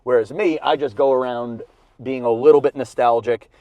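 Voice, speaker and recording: A comedian talks through his podcast while driving in the cold, rambling, self-mocking, a bit breathless, with lots of fillers and restarts. He speaks at normal speed with medium pitch and fairly even intonation. The dry, lo-fi audio comes from a video camera in the car.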